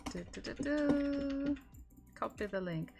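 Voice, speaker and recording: A woman with a Russian accent teaching her native language in a live-streamed lesson, repeating words slowly for practice. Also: sits high, animated, vocal fry.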